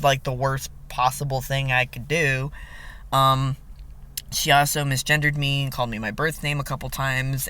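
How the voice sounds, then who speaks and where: A young man with a bright, forceful voice tells a personal story straight to camera. His delivery is frank and frustrated, full of swearing and little ums as he vents. His pitch sits right in the middle for a man. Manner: blunt and heavily profane. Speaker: vlogger. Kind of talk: candid personal vlog.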